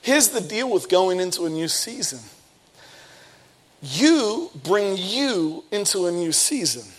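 A man in his thirties, a pastor preaching a sermon and telling a personal story with lively bursts of speed and emphasis. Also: sits high, takes it slowly, husky.

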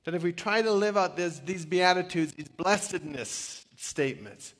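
Older pastor telling stories in a sermon, kinda high voice, lots of uh's, echoey church hall. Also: male voice, lively intonation, moderate pace, a bit bright. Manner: chatty storytelling with self-deprecating humor and many fillers. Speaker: retired pastor. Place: church sanctuary. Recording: long reverb of a church hall.

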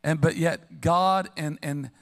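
A middle-aged male pastor preaches with a slightly high, gravelly voice that rings through a church's long reverb. He tells humorous stories and calls out to the congregation for responses. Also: slow pace. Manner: humorous, animated storytelling with call-and-response. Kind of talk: sermon. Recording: long reverb of a large hall.

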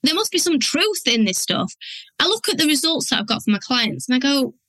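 Bright, chatty woman. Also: high-pitched, sing-song, brisk, dry recording, poor audio. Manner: chatty, frank, acts out her inner voice. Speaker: podcast host. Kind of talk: candid solo podcast talk.

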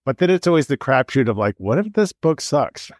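A man hosting an interview podcast over a video call, talking animated and curious with many stumbling restarts. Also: mid-range voice, a little fast, no room sound, studio quality. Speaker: podcast host. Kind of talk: casual interview chat.

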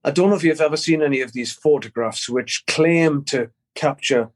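A middle-aged man, a guest in an interview, telling a personal story in a halting way, repeating words and swearing casually. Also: on the high side. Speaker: guest musician.

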